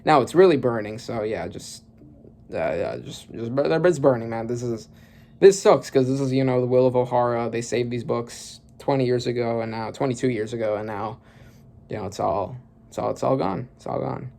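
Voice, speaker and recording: A man with a gravelly, fry-laden voice talks through a comic chapter in a loose, rambling way. He stops, restarts and corrects himself as he goes, sitting at a middling pitch. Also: normal speed, darkish tone. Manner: rambling, thinking aloud with many fillers and restarts. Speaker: manga reaction youtuber. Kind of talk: casual reaction commentary.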